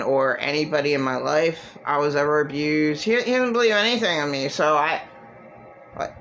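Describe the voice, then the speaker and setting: A woman's voice: deep voice, fairly bright tone, low-quality recording. A middle-aged woman giving an emotional monologue to camera, agitated and profane, repeating herself and restarting her sentences. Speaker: vlogger.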